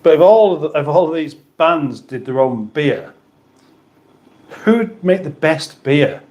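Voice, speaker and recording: This livestream host, a middle-aged Brit, has a slightly high, expressive voice with a darkish tone and takes his time. He chats casually, rambling over viewer comments amid restarts and banter.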